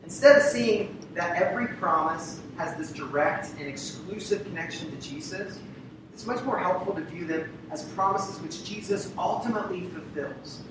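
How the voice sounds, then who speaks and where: A man preaching a sermon to a congregation, repeating key phrases for emphasis and asking rhetorical questions. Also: moderate pace. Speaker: pastor. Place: church sanctuary. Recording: very echoey hall, distant mic, rumble.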